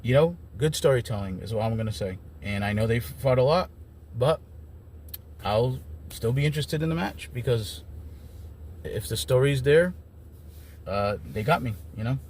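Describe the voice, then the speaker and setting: A man's voice: medium pitch, lively intonation, normal speed, pauses often, darkish tone, a little hiss or hum. A man giving a casual, rambling recap of wrestling shows as an enthusiastic fan. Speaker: wrestling commentator.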